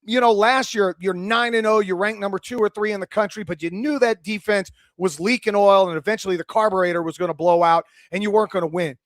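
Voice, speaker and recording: A man's voice: high-pitched, fast talker, hardly any pauses, dry recording, studio quality. A man in his forties hosting sports radio, talking with passion and some swearing. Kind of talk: excited sports radio talk.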